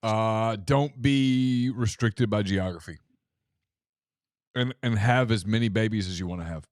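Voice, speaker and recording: A middle-aged man, co-hosting a casual radio call-in show and telling stories in an animated way, often repeating himself. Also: lowish voice, unhurried, no echo, clean studio sound. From American South. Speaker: co-host.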